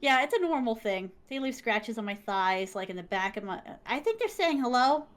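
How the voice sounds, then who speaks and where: Animated young woman telling a story. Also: on the high side, moderate pace. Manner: animated, filler-heavy, exclamatory. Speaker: interview guest. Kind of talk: casual storytelling.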